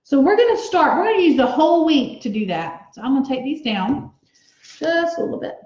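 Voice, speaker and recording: A woman teaching young children a writing lesson, speaking slowly, encouraging them and sounding out letters and words aloud. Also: sits high, big pitch swings, a little mellow. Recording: echoey room, slightly dull sound.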